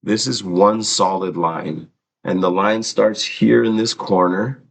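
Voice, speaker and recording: A man's voice: fairly low pitch, fairly even intonation, slow, gravelly, low-quality recording. A middle-aged man hosting a casual livestream, chatting loosely and teaching an art lesson on mindfulness, swearing now and then.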